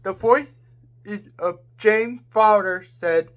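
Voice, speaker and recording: A woman narrating a homemade story in a halting way, with slips and restarts. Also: mid-range voice, fairly bright tone.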